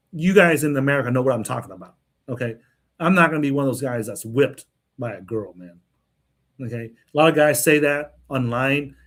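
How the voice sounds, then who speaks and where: A man hosting a casual livestream monologue, talking in a blunt, brash, swaggering way and tagging his lines with "man" and "okay?". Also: mid-range voice. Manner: repeats "man" and "okay?" as tags. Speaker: livestream host.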